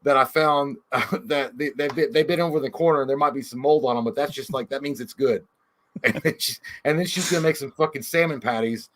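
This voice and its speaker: A man's voice: mid-range voice, fairly quick, a bit bright. A man co-hosting a casual movie podcast, swearing constantly and joking about his childhood. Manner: crude, swears a lot, mimics his mom. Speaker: podcast co-host. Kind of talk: casual chat.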